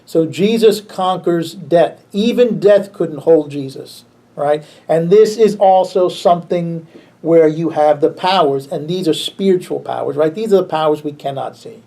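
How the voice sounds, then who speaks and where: A man, a pastor, teaching a Bible class in a relaxed, conversational way, chuckling often and restarting his sentences. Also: fairly high pitch, a little slow, creaky.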